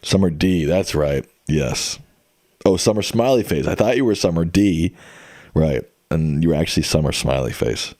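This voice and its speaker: Deep-voiced laid-back young streamer guy. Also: animated, normal speed, a little mellow, no room sound, studio quality. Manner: rambling, laid-back, lots of fillers and restarts. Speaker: livestreamer. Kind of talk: casual chat.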